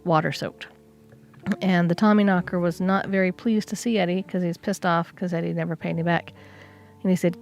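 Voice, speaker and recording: A woman's voice: fairly low pitch, darkish tone. A woman co-hosting a podcast, casually retelling a folk tale with chatty asides and fillers. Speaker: podcast co-host. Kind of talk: casual storytelling.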